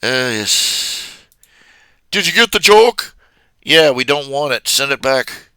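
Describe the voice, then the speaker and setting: A man's voice: medium pitch, lively intonation, slow pace, sharp tone, smooth, no echo. A man chatting casually on his live stream, rambling with many fillers and restarts.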